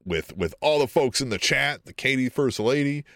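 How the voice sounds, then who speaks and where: A man's voice: mid-range voice, animated, normal speed, a bit bright, dry recording, clean studio sound. A man co-hosting a casual wrestling podcast, laid-back and swearing freely. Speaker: podcast co-host.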